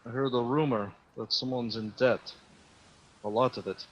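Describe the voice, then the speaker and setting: Man in character for a tabletop game, calm measured, dull lo-fi audio, mid pitch. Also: slight background noise. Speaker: player.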